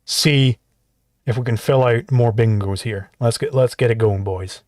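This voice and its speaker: A man hosting a livestream, talking in an exasperated rant full of swearing. His voice sits at an ordinary pitch and sounds close and dry, with no room around it. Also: a little slow, darkish tone, no echo. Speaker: livestream host reacting to clips. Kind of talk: profane livestream commentary.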